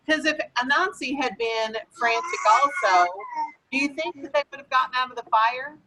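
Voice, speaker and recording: A woman teaching young children in a classroom, patiently asking questions and slowly explaining vocabulary. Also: high voice, lively intonation, pushed and bright, poor audio. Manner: patient, questioning, slow and encouraging. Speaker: elementary school teacher. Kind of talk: classroom lesson.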